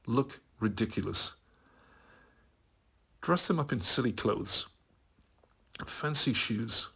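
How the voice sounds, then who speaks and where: Male facilitator, calm guided-visualization delivery, raspy and gravelly. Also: mid-range voice. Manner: slow, soothing guidance with playful rising bursts.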